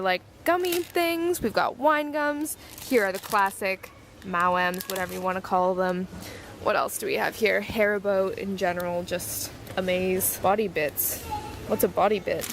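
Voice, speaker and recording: A woman's voice: mid-range voice, steady tone, measured pace, a little hiss or hum. A woman vlogging in a chatty, gushing way, full of "like". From Canada. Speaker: beauty vlogger. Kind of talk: casual vlog chat. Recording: roomy echoey room.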